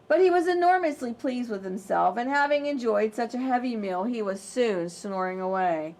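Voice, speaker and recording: Expressive woman reading to preschoolers. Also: fairly high pitch. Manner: slow, expressive and gentle, as if to small children. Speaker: preschool library teacher. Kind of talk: storybook read-aloud and lesson for preschoolers.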